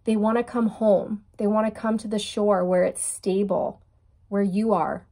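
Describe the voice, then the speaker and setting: A woman's voice: mid-range voice, measured pace, background noise. Gushing woman tarot reader talking to viewers. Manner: gushing, excitable, speaks straight to viewers. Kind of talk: casual tarot reading to viewers.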